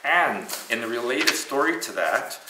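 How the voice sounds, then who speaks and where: A man's voice: medium pitch, a little slow, far from the mic, noisy background. A man hosting a casual news commentary show, joking and teasing as he talks. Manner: joking, animated, teasing asides. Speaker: host. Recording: echoey room, off mic.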